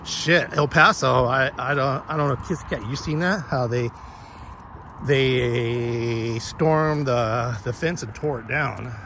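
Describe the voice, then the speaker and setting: Speaking slowly with a sharp tone, a man with a mid-range voice rambles through a profane story for his live viewers. He's walking his dog outdoors, and a little hiss or hum can be heard.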